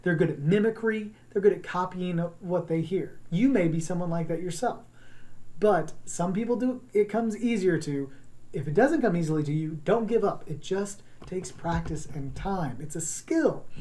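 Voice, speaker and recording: Mellow-voiced teacher giving an encouraging lesson. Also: mid-range voice. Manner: encouraging, conversational, demonstrates sounds. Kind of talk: recorded class lesson on accents.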